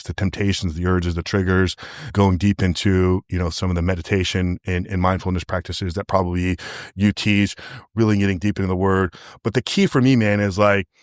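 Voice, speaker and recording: A man with a low voice tells his story candidly and with feeling, often trailing into fillers. The sound is dry and close. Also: no echo. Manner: candid, emotional, fast storytelling with many fillers. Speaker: podcast guest, coach. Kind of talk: casual interview storytelling.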